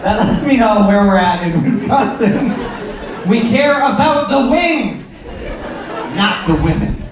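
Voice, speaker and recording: A man in his thirties doing a stand-up comedy set, sarcastic with deadpan asides and sudden acted-out voices. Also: very high voice, unhurried. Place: comedy club stage, from far off. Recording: roomy club sound, distant mic, crowd laughter.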